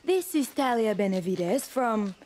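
An eager fake reporter, animated, faint background hiss. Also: female voice, fairly high pitch, measured pace. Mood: excited.

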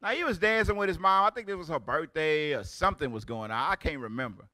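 A man in his forties, a religious teacher giving loud, exclamatory preaching commentary in casual street talk. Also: fairly high pitch, animated, quick pace, no room sound. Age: 40s. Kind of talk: animated preaching commentary on videos.

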